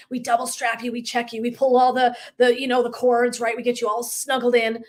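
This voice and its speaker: A woman life coach speaks on a live motivational broadcast in a fairly high voice. She is emphatic and swears freely, laughing often as she acts out conversations with her listeners. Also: level tone, a little fast, hardly any pauses.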